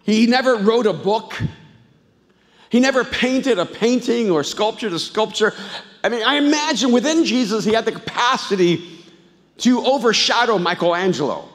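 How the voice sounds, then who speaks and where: Guy preaching a sermon, animated storyteller, goes quiet then loud, big echoey church. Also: sits high, moderate pace. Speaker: pastor. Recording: live church hall reverb.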